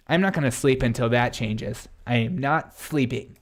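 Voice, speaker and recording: A man's voice: mid-range voice, animated, fairly quick. A man hosting a live-stream commentary show, reacting to headlines and chat in a sarcastic, mocking way. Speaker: political commentary host.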